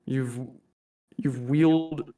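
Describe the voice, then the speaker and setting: A man's voice: medium pitch, steady tone, drawn-out words, mellow. A man voicing a theatrical masked anarchist who reads a formal, mock-polite monologue addressing humanity as his staff, recorded in a roomy room from a distant mic. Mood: scolding.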